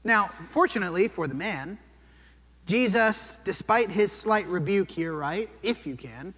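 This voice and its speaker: A man's voice: sits high, lively intonation, a little slow, fairly bright tone. A man preaching a sermon in a conversational way, often checking in with "right?". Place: church sanctuary. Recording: long church hall reverb.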